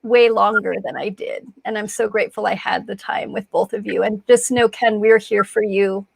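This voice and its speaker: Woman host, consoling, affectionate, a bit gravelly, close and dry. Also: mid-range voice, fairly even intonation, normal speed, no echo, poor audio. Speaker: community host. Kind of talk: memorial service hosting. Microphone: video call.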